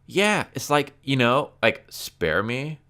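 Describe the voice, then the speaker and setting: A man voicing an airheaded young millennial kid, mimicking them in a mocking sing-song falsetto. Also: very animated, slow, bright, forceful tone, full character voice.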